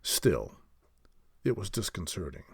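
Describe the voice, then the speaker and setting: Expressive male audiobook narrator. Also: low-pitched, unhurried, vocal fry, breathy edge, no room sound, clean studio sound. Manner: expressive storytelling.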